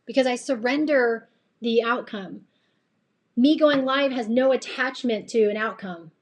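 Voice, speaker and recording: A woman's voice: on the high side, unhurried. A woman with a slightly tired voice giving an earnest, chatty faith-based motivational talk on a live stream, rambling and laughing often. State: voice a bit tired late at night. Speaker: live-stream host and coach.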